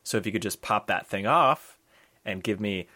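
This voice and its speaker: A man's voice: fairly low pitch, animated, normal speed, sharp tone. A man voicing a scheming prisoner in a sorcerer's collar, coaxing and sly.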